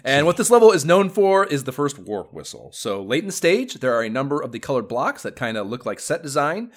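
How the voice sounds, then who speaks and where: A man's voice: medium pitch, big pitch swings, a little fast. A man co-hosting a casual gaming podcast, rambling and enthusiastic, swearing freely. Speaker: podcast co-host.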